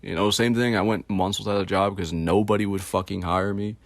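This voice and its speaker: A man's voice: sits low, fairly even intonation, a little fast, dry recording. A young man telling a casual story in a rambling way, swearing often and filling his talk with "like" and "you know". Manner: rambling, profane, lots of filler words. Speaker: host.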